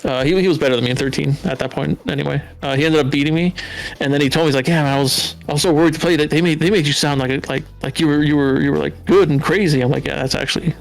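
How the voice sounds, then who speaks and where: A man's voice: fairly high pitch, racing, gravelly. A man from Southern California telling stories as a podcast guest, swearing freely and acting out what others said in a raised voice. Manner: animated, swears freely, acts out quotes in a raised voice. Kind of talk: casual storytelling.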